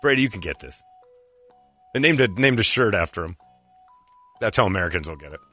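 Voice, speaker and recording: A man's voice: lowish voice, lively intonation, a little fast, bright, forceful tone, faint music behind. A man hosting a comedy quiz game, reading clues and teasing the players with a laugh. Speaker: quiz host.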